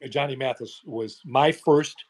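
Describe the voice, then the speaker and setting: A man in his seventies reminiscing in a casual chat, unhurried, with frequent pauses. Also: medium pitch.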